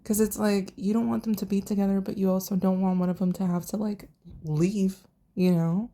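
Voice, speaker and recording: A woman's voice: mid-range voice, moderate pace. A young woman casually recapping a TV show in a chatty, profane way, acting out what the characters said. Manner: chatty, profane, animated retelling with quoted voices. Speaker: TV reviewer.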